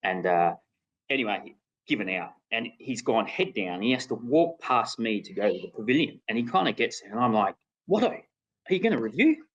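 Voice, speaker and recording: A man's voice: on the low side, lively intonation, moderate pace, fairly bright tone, muffled recording. A middle-aged Australian man, a former cricketer and podcast guest, telling a story casually with restarts and laughter. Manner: rambling with restarts, laughing at his own story.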